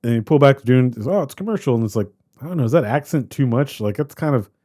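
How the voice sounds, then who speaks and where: A man co-hosting a podcast, chatting casually about a movie in a rambling, animated way that keeps trailing off and restarting. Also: medium pitch, fast. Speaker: podcast co-host. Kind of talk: casual movie review chat.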